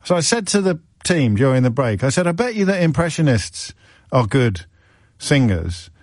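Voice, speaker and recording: A man's voice: medium pitch, big pitch swings, normal speed, darkish tone, no room sound, studio quality. A man hosting a radio phone-in, talking in a rambling, teasing way with self-mocking asides. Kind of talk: casual radio chat. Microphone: studio microphone.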